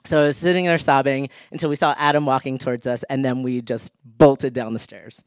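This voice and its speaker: A man's voice: medium pitch, fairly even intonation, brisk, clean tone, no echo. A man telling a humorous personal story on stage, laughing often and acting out the people he quotes. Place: live stage show.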